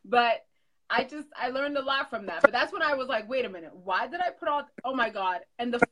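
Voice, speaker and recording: A woman hosting a casual live-stream chat, chatty and quick to laugh. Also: on the high side, animated, fairly bright tone, low-quality recording. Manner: chatty, laughs often, quotes herself. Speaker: host.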